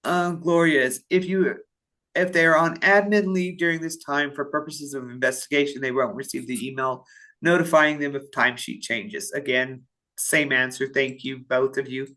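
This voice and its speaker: A woman's voice: a bass voice, steady tone, moderate pace, a bit bright. A woman from a payroll office is presenting in a webinar for staff. She reads out attendee questions and answers them at length, thinking aloud with frequent fillers and restarts. She also has the hiccups.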